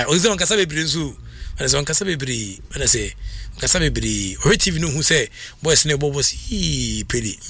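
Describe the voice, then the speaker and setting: Excitable radio sports host, bright voice. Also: male voice, medium pitch. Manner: animated, excitable, mixes languages, frequent laughter.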